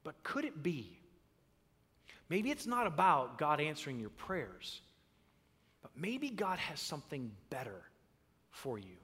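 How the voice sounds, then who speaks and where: A man's voice: on the high side, measured pace, pauses often, breathy edge, in a large hall. A man preaching a sermon and telling a comic family story, acting out the voices as he goes. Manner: animated, acts out voices. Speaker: pastor.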